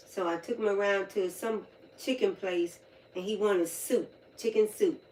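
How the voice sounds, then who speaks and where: A woman, casually telling folksy stories on a livestream in a colloquial, animated way. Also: mid-range voice, normal speed. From North Carolina, US. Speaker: livestream host. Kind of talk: casual storytelling chat. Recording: roomy echo, distant mic, faint background noise.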